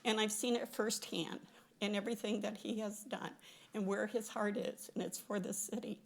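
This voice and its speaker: A woman's voice: mid-range voice, fairly even intonation, normal speed, gravelly, background noise. A woman giving an emotional farewell tribute at a city council meeting, sad and fumbling over her words.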